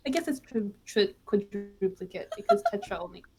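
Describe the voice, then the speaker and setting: A woman's voice: medium pitch, very animated, a little fast, mellow. A woman guest player narrating her character in a tabletop game, rambling and enthusiastic.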